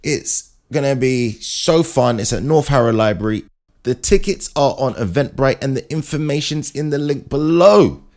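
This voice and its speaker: Animated man telling a story. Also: mid-range voice, normal speed. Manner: chatty, self-mocking, animated storytelling. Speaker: vlogger. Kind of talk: casual comic monologue.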